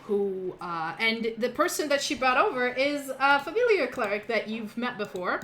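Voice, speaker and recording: A woman's voice: on the high side, big pitch swings, moderate pace, a bit bright, slight background noise. A woman narrating as game master of a tabletop game, rambling with many fillers.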